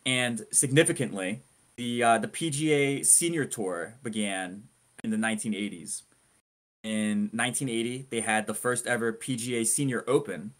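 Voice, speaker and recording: A man co-hosting a podcast, telling a story in a casual way and building suspense with dramatic emphasis and animated, indignant asides. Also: medium pitch, moderate pace. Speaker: podcast co-host.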